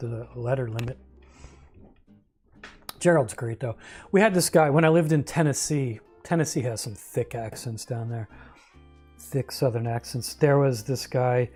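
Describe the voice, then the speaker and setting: A man's voice: medium pitch, a little mellow, husky. A man streaming a video game, chatting casually with his viewers and rambling through stories between moves. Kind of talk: casual gameplay livestream chat.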